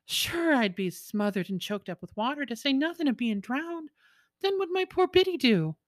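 A woman doing an excitable young fisherman. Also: normal speed, dry recording, studio quality, close to an everyday voice. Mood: startled. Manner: excitable, exclaiming, breaks upward in pitch.

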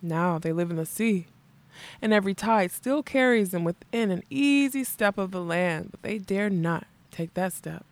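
A woman reading the lines of a mad, possessive old king, soft and menacing in turn. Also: medium pitch, expressive, normal speed, close to an everyday voice. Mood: rapt. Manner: soft and menacing, turning fierce and childlike.

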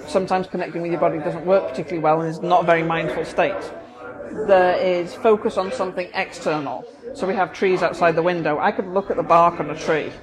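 Chatty woman therapist in a busy café. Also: lowish voice. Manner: chatty, explains with everyday examples. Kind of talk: casual explanatory chat. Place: busy coffee shop. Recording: noisy coffee shop recording. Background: café crowd chatter.

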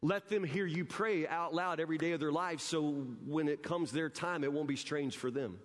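Male pastor, high voice, emphatic conversational sermon, long church reverb. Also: moderate pace. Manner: emphatic, conversational preaching with repeated words. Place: church sanctuary.

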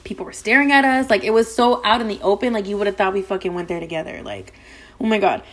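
A young adult woman hosting a podcast, telling a story in casual chat: fast, profane and gossipy, with "like" all through. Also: medium pitch, animated, fairly bright tone. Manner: rapid, profane, gossipy, heavy use of "like". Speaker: podcast host.

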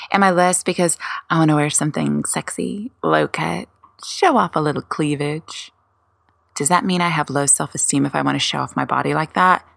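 Gravelly low-voiced woman questioning herself. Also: fairly bright tone, no room sound, studio quality. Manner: self-questioning, rapid-fire rhetorical questions; wry and candid. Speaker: podcast host. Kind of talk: solo podcast monologue.

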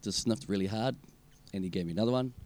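A man's voice: fairly low pitch, fast, a little mellow, a little hiss or hum. A young man, co-hosting a podcast and telling a story in a rambling, sweary way full of fillers and restarts. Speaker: podcast co-host. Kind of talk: casual storytelling chat.

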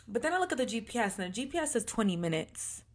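A woman's voice: fairly high pitch, very animated, fast. A young woman, telling a dramatic story with lots of swearing in casual podcast chat. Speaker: podcast co-host.

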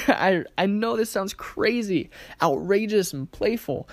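Animated storyteller teaching communication, dry sound. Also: medium pitch, a little slow, no room sound. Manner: lively storytelling with acted-out quotes and frequent rhetorical questions. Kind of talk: casual spoken lesson with anecdotes.

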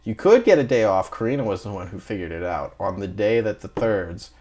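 A man with a fairly low voice tells long, rambling stories from his time at sea in easy, casual chat. He acts out what his coworkers said and laughs along as he goes. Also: animated, a little fast, a little mellow. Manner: rambling storyteller who acts out dialogue and laughs. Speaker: guest, marine engineer.

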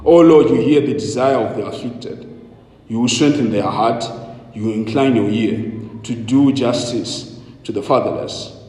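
A male preacher praying and opening a sermon in a solemn, deliberate manner. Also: medium pitch, warm tone. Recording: echoey hall with long reverb.

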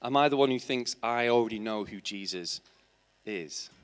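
A man's voice: on the low side, normal speed. A man preaching a sermon in church, asking his congregation rhetorical questions and building to emphatic, passionate points. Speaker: teacher.

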